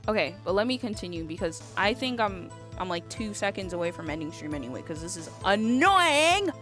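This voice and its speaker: A woman's voice: lowish voice, quick pace, faint music behind. A young woman streaming a game, chatting casually, blunt and exasperated, swearing freely. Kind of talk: casual live-stream chat.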